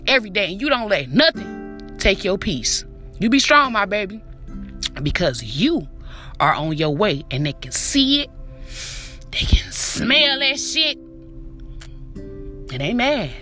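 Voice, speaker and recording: A woman with a high, bright voice delivers a motivational podcast monologue, preachy and full of profanity. She talks straight to the listener and repeats herself for emphasis. Soft music plays faintly behind her. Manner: repetitive, emphatic street talk. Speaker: podcast host.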